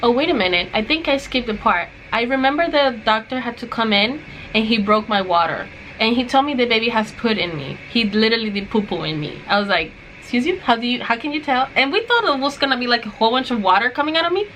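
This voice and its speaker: Young woman, casual vlog storytelling, chatty, fairly high voice, faint background hum. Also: expressive, fast talker, a bit bright, low-quality recording. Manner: chatty, acts out what others said. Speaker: vlogger.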